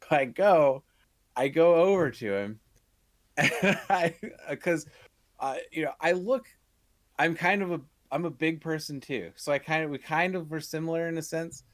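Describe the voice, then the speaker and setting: A man's voice: fairly high pitch, expressive, a little slow, no room sound. A young man telling a casual, profane story on a podcast, laughing through his punchlines. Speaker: podcast co-host.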